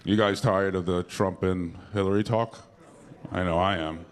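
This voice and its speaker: A man's voice: deep voice, steady tone, moderate pace. A young man performing a stand-up comedy set in a comedy club, rambling and profane with lots of fillers and self-mockery. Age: young adult.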